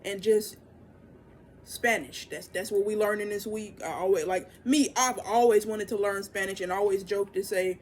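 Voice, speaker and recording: A young woman giving a casual, profane oracle reading, loose and chatty, jumping into excited high bursts. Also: normal speed, slight background noise. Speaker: tarot and oracle reader.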